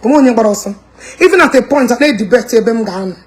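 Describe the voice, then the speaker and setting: A woman's voice: a little high, lively intonation, fast talker. A woman with a Nigerian Igbo accent delivering a heated, mocking rant as a commentator. She mixes English and Igbo and laughs with scorn. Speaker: social media commentator.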